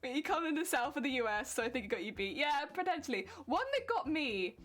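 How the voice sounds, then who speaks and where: A woman's voice: high-pitched, big pitch swings, fast, a bit bright, faint music behind. A young British woman streamer chatting casually and giggling as she answers her viewers. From Britain. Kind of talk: casual chat with live chat.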